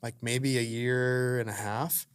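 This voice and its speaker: A man hosting a relaxed faith podcast, chatting loosely with plenty of filler words. His voice sits at an ordinary middle pitch. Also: a little slow, smooth. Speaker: podcast host. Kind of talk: casual faith conversation.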